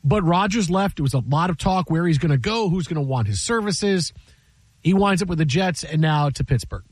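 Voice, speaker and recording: A man with a notably high voice chats on a sports radio show. He tells stories animatedly, stumbling and restarting as he goes. The sound is dry and close, with no room around it. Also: a little fast, dry recording. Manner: animated storyteller, laughs, repeats himself. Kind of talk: casual sports radio chat.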